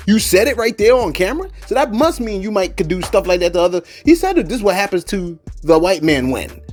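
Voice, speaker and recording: A man giving casual reaction commentary, animated and repetitive, often circling back with "look" and "you know what I'm saying". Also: fairly high pitch, husky.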